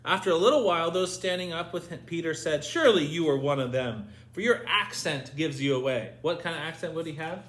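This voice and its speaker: A man's voice: fairly high pitch, animated, a little fast, few pauses, a bit bright. A man leading a Bible study lesson, asking his group questions and reading scripture aloud. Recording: echoey room with faint noise.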